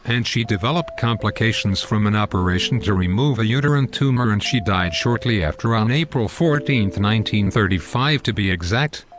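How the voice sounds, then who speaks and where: A man's voice: lowish voice, a little fast, hardly any pauses, natural voice. A man playing a fond, teasing old grandfather who tells his granddaughter a story in an amateur scripted skit, calling her honey. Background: background music.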